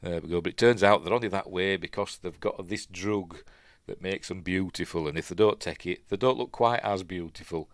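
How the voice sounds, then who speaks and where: Deep-voiced rambling Yorkshire man. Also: brisk, few pauses, dry recording, clean studio sound. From Yorkshire, England. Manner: rambling, chatty, lots of fillers, self-correcting. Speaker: host. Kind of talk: casual live commentary while watching.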